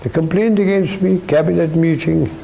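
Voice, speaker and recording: A man's voice: a little high, moderate pace, vocal fry, warm tone, slight background noise, low-quality recording. An older man with an Indian English accent telling witty, dry anecdotes from his army career in an interview, acting out the people in his stories.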